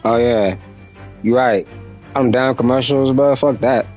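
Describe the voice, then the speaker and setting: A man's voice: medium pitch, measured pace, a little mellow, lo-fi sound, soft background music. A young man chatting casually on a game stream, laid-back and slangy, talking to his viewers.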